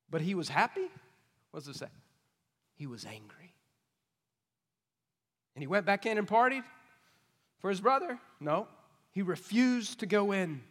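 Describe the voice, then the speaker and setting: A man preaching an expository sermon, emphatic and questioning, swinging between loud points and hushed asides. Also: high voice, sing-song, unhurried, pauses often. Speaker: pastor. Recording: long reverb of a large hall.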